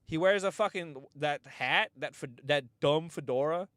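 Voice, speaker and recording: A man's voice: on the high side, unhurried, a bit bright, no room sound, studio quality. A man hosting a podcast, telling comic stories in a rambling, profane way and often breaking into laughter. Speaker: podcast host. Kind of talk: casual comedic storytelling.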